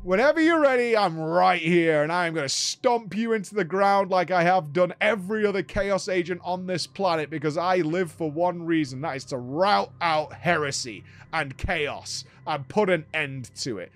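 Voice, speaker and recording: A heroic male space marine captain, put on by a man shouts his defiance in a raised, forceful voice. He sounds fearless and brash, full of bravado. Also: sits high, normal speed, hardly any pauses, pitched above the performer's own voice. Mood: defiant.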